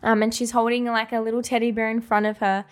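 A woman's voice: on the high side, level tone, quick pace, faint music behind. Earnest young woman podcasting. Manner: earnest, heartfelt, many "like" and "you know" fillers. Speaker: podcast co-host. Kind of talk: casual faith-based podcast chat.

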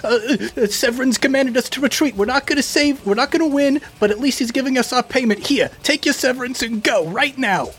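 A man voicing his adventurer character, bluffing in a hurried, blustering way. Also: very high voice, fairly bright tone, voice pushed up. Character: player character bluffing as a kobold commander's messenger.

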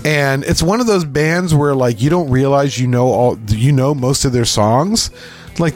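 A middle-aged man from Pennsylvania, co-hosting a podcast and telling stories in casual chat, acting out quotes with lively animation. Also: mid-range voice, normal speed, soft background music. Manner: animated storyteller, acts out quotes. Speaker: podcast co-host.

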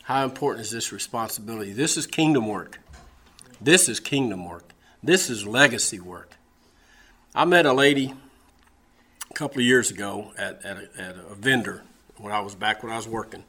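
A man's voice: lowish voice, normal speed, pushed and bright, husky. A man preaching a sermon, telling a personal story in a folksy, storytelling way, often repeating his words as he goes. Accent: Southern American.

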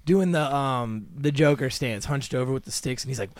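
Young male podcast co-host, slightly high voice, dry close sound, lively storyteller who acts out quotes. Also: brisk, no room sound. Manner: animated, acts out quotes, swears a lot. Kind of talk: casual storytelling chat.

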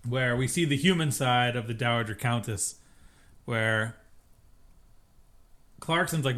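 Speaking a little slowly and pausing often, this man has a medium-pitched, slightly bright voice. He's a podcast co-host in a casual recap chat, retelling TV scenes and performing the characters' lines.

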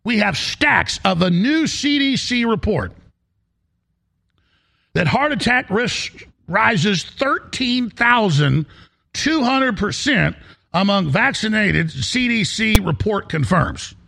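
A man's voice: high-pitched, animated, slow pace, gravelly, bright, forceful tone. A man hosting a talk show, delivering an emphatic, rambling monologue that circles back and repeats phrases. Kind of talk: ranting monologue.

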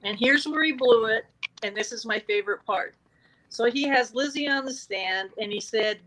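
A woman's voice: on the high side, moderate pace, poor audio. A woman in casual conversation, telling a true-crime story with animation and acting out quoted exchanges. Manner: animated, acts out the quotes from the record.

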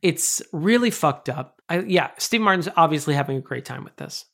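A podcast co-host talks in casual, animated conversation with a mid-range voice. The delivery is emphatic, with casual swearing. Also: medium pitch, normal speed, vocal fry. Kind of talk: casual chat.

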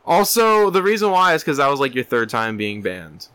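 A man's voice: medium pitch, big pitch swings, moderate pace, a bit bright, clean tone, dry recording. A young man co-hosting a comedy podcast, rambling and swearing as he tells stories. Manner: profane, rambling storytelling with put-on voices. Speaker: podcast co-host. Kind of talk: crude comedic chat.

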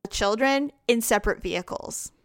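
Chatty woman with a smooth clear voice. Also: fairly high pitch, no room sound. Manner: chatty, animated storytelling with quick asides. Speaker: podcast co-host. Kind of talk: casual chat.

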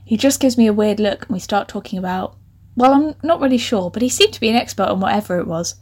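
A woman in her twenties with an animated, laughing manner, reading out her old writing and mocking it with sarcastic asides. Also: mid-range voice, fast. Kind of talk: comic reading with commentary.

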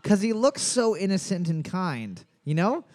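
A young man with a high, bouncy voice runs a trivia night in a bar, calling out questions and scores between crude jokes. His pitch leaps all over as he banters and swears casually. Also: a little slow. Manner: joking, animated, swears casually.

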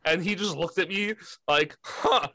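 Male co-host, high and bright, teasing and quick to laugh. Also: animated, no echo. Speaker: podcast co-host. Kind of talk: casual chat.

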